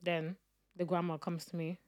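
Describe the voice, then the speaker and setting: A young woman, co-hosting a relaxed podcast. Her voice sits a little lower than most women's. She tells long, chatty anecdotes in an easy, conversational flow. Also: normal speed. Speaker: podcast co-host. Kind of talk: casual chat.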